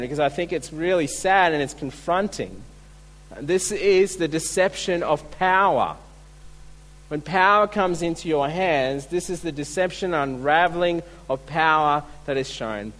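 A man's voice: on the high side, moderate pace, fairly bright tone, low-quality recording. A man preaching a sermon, earnest and full of rhetorical questions. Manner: earnest, asks rhetorical questions, restarts words.

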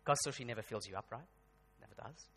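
A man's voice: medium pitch, fast talker, fairly bright tone, big-room sound. A man preaching a sermon, talking conversationally and building to emphatic bursts. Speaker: pastor. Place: church hall.

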